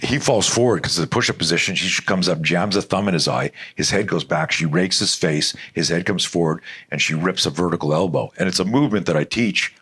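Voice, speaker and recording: A middle-aged man from Canada, a self-defense instructor guesting on a podcast, telling a story in an animated, blunt way and swearing freely. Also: low voice, fairly quick, hardly any pauses, slightly rough. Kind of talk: storytelling in a conversational interview.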